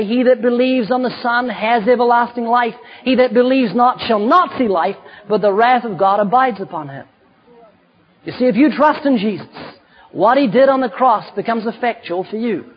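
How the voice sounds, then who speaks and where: A man preaching a fervent sermon, building to shouted emphasis on key points. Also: extremely high pitch, breathy edge, highs cut off.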